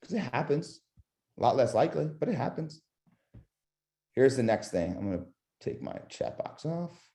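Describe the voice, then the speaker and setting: A man of medium pitch speaks at normal speed, with vocal fry and long pauses, while coaching a sales-call webinar. In a lively manner he demonstrates vocal tonality through demo calls and quizzes his audience.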